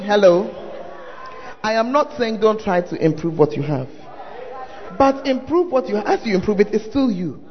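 High, lively pastor in a hall. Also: male voice, background noise. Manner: animated preaching with sudden shouted exclamations. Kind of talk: sermon. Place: large church hall. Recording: dull sound with long hall reverb. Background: faint congregation.

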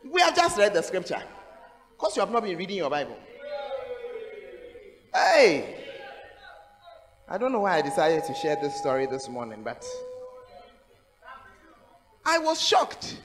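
A woman's voice: fairly low pitch, unhurried, long pauses, long reverb tail, poor audio. A woman with a Ghanaian accent preaching a sermon in a large church, calling out to the congregation and laughing as she speaks. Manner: animated, calls out "Hey!", laughs while preaching.

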